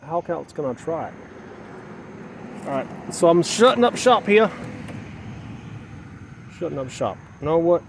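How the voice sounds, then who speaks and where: A fairly high male voice with big pitch swings and vocal fry speaks at a measured pace, pausing often, with slight background noise. He's a vlogger posing as a mother, talking to the camera outdoors at dusk as he sets up solar gear. His rambling self-talk repeats phrases, going from muttering to agitated outbursts.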